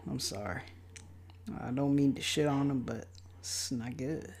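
A man's voice: mid-range voice, unhurried, slight background noise. Profane young man mocking a movie. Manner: profane, loud outbursts and mocking asides. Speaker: movie commentator. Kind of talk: casual movie commentary.

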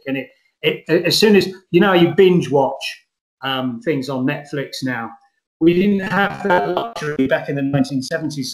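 Middle-aged man, guest actor, somewhat high voice, earnest rambling talk, roomy echo. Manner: earnest, rambling, lively emphasis. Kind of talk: conversational interview.

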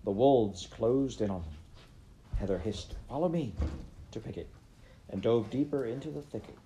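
A man reading a children's adventure novel aloud in steady, plain narration. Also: fairly low pitch, normal speed, slight background noise. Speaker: reader.

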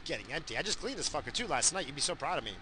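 A man in his forties ranting crudely from inside his car, yelling now and then at other drivers. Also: fairly high pitch, very animated, very fast, background noise. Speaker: vlogger. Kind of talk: casual profane rant.

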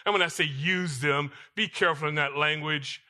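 A man preaching from the pulpit of a church with a bright, forceful voice pitched a little high. He swings between loud, emphatic declarations and quiet, confiding asides to the congregation. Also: moderate pace. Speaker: pastor. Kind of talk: sermon. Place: church sanctuary.

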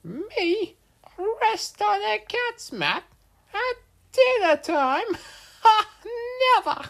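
A woman voicing a chirpy, excitable female bird in a storybook read aloud to a child, with a high, shrill, squeaky voice. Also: very slow, creaky, exaggerated voice. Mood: indignant.

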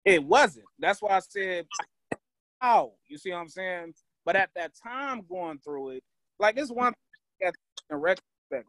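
A man's voice: high voice, a bit bright, rough recording. A man in his thirties co-hosting a podcast, explaining himself at length with filler phrases and getting defensive. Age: 30s. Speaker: podcast co-host. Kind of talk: casual podcast debate.

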